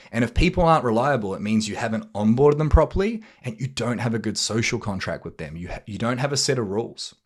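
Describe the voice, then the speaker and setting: Male podcast host, motivational coach type, blunt and casual, swears, acts out quick dialogue bits. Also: fairly low pitch. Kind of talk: motivational monologue.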